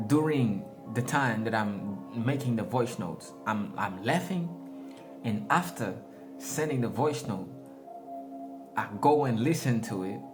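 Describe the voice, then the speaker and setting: A man's voice: medium pitch, expressive, unhurried. A man giving a casual, rambling spiritual talk, slangy and often laughing at his own jokes. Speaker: spiritual vlogger. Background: background music.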